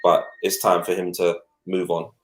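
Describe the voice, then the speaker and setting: A man on a football podcast call, talking in an animated, joking way. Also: low-pitched, normal speed, roomy sound, soft background music. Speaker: podcast panelist. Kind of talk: casual banter.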